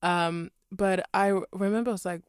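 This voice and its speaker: A woman's voice: medium pitch, fairly even intonation, normal speed, clean tone, no echo, studio quality. A woman in her twenties from the Birmingham area, speaking British English with a slight American twang, chatting and rambling over a game voice-over. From Birmingham area, England. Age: 20s. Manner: chatty, rambling, self-correcting, laughs often. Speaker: Sims speed-build creator. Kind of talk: casual voice-over chat.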